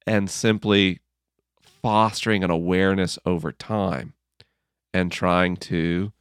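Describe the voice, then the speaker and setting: A man being interviewed about his book, telling stories in an earnest, gently humorous way and acting out his own inner dialogue. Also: deep voice, clear, resonant tone, no echo, studio quality. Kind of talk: reflective conversational storytelling.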